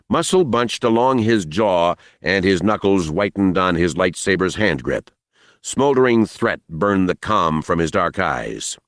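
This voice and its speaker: A man reading a novel aloud as audiobook narrator, expressive and dramatic. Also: sits low, unhurried, no echo, studio quality.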